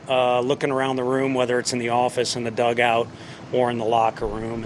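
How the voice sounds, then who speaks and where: A man who manages a baseball team, reflecting after a game in an unhurried way with plenty of fillers. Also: medium pitch, a little hiss or hum. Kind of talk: postgame press remarks.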